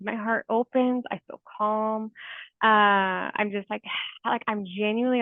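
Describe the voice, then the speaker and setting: A woman in her forties, a therapist guest in a casual interview, talking in a chatty, heartfelt way with many fillers and soft laughs. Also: fairly high pitch, no echo. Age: 40s. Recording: tinny phone-like call audio.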